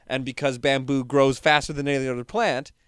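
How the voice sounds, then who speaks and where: A man hosting a podcast, explaining with animated, joking energy. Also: mid-range voice, a little fast, clear, resonant tone, no echo, studio quality. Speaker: podcast host. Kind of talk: casual podcast chat.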